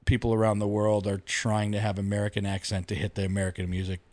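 A man's voice: lowish voice, monotone, fast, a little mellow, dry recording. A man co-hosting a podcast in casual chat, rambling through stories with mock-outraged quotes. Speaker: podcast co-host.

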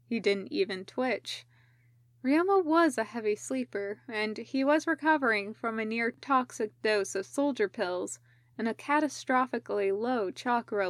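A woman narrating a fan-fiction audiobook in a measured, even way. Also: fairly high pitch, no room sound, studio quality. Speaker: podfic reader.

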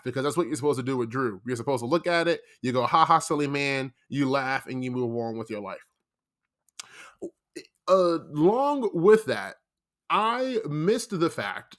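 A man's voice: a little high, fairly bright tone. A young man in a casual commentary monologue, rambling and defensive, explaining himself with emphatic repetition. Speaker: commentary vlogger.

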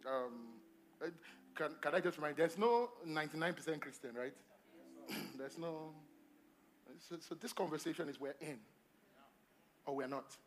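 A male pastor preaching a sermon at a church service, emphatic and repetitive, swinging between loud calls to the congregation and quiet asides. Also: a little high, normal speed, long pauses. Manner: repeats phrases and asks the congregation questions.

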